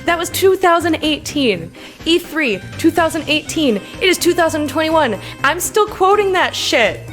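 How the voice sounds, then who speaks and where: Giggly woman streamer chatting w/ her chat, high voice that jumps all over, slow easy pace. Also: very animated, a bit bright, faint music behind. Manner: giggly, laughs hard and often; chatty, reads and answers chat. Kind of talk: casual live-stream chat.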